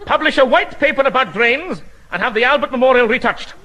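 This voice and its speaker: A man playing an excitable, pompous male official in a 1950s radio comedy, talking in bombastic exclamations. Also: brisk, dull audio, heavily acted. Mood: blustering. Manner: bombastic, exclamatory, high-pitched bluster. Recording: hissy 1950s radio broadcast recording.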